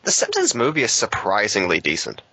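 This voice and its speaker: A man's voice: fairly low pitch, wildly swooping pitch, fairly quick, bright, forceful tone, breathy edge, no echo. A man co-hosting a casual podcast chat, making dry, wry quips. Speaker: podcast co-host.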